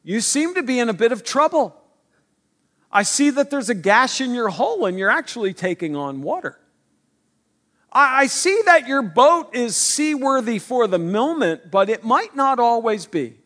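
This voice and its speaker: A man voicing a casual male rescue boat captain who offers help in a relaxed, hesitant way. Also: very high-pitched, a little slow, voice pushed up, full character voice. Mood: offhand.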